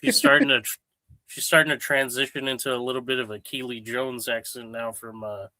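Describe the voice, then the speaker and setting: Male co-host, mid pitch, bright edge, relaxed easygoing delivery. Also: fairly quick, no echo. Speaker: podcast co-host. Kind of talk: casual comedy podcast chat.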